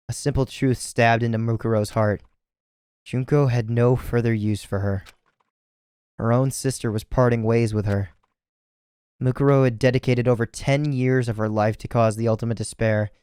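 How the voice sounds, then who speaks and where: Man, tired, reading game story aloud, middle pitch, stumbles over words, casual asides. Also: a little mellow, clean tone, dry recording, clean studio sound. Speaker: let's play narrator.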